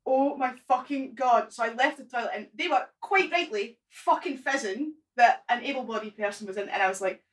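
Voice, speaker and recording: A woman in her twenties telling an embarrassing story on a casual podcast, animated and sweary, laughing at herself. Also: on the high side, fairly quick, few pauses, far from the mic, poor audio. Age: 20s. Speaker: guest.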